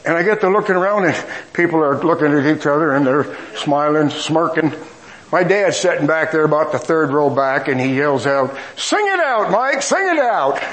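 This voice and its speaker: Folksy preacher man, slightly high voice. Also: fairly even intonation, normal speed, poor audio. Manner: folksy, self-mocking humor. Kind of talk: storytelling sermon.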